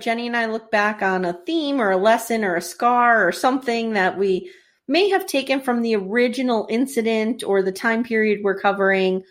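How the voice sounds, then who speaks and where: A woman in her forties co-hosting a podcast, chatting casually and acting out scenes with lively voices. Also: on the high side. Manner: animated, acts out scenes with voices and laughs. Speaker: podcast co-host. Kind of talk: casual chat recapping a TV series.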